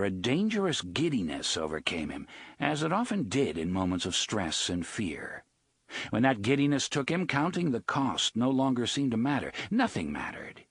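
A man narrating an audiobook with dramatic, expressive storytelling, recorded close to the mic. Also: medium pitch, husky, dry recording. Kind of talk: scripted narration.

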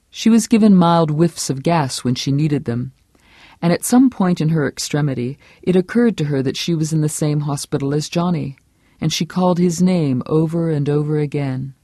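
An audiobook narrator reading a novel with steady, measured storytelling. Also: medium pitch, dry recording, studio quality. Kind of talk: scripted narration.

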